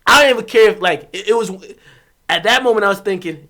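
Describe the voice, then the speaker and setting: Fast-talking and foul-mouthed, this young Jamaican streamer laughs through a rowdy tale in casual chat, swinging from loud bursts to low mutters.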